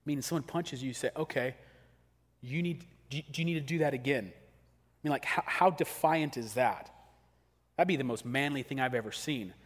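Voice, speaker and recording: A man preaching a sermon as pastor, talking casually and acting out quick everyday scenes. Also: medium pitch. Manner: conversational, acts out quick scenes. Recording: long hall reverb.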